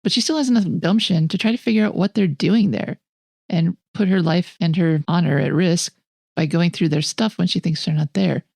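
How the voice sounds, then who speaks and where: A woman's voice: fairly low pitch, moderate pace, gravelly, darkish tone, no echo, studio quality. A woman co-hosting a film podcast, talking in an enthusiastic, opinionated way and laughing often. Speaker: podcast co-host. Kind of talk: casual film review chat.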